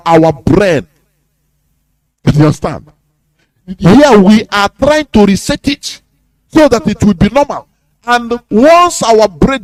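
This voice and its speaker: A man's voice: high voice, dry recording. A man with a Nigerian accent giving an impassioned live radio talk. He is emphatic, often checks "you understand?" and chuckles between points. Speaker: radio presenter.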